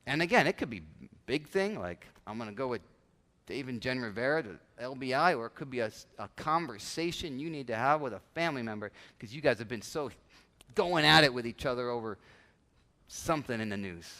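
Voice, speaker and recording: Candid pastor preaching in a reverberant hall. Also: male voice, medium pitch, lively intonation, a little fast, sharp tone. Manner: conversational, candid, with many restarts and acted asides. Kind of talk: sermon. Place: church sanctuary. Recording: church hall with long reverb.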